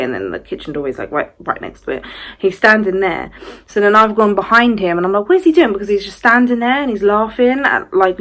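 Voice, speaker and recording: Chatty young woman telling stories. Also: fairly low pitch. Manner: chatty, fillers of "like", animated retelling. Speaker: vlogger. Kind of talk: casual paranormal storytime.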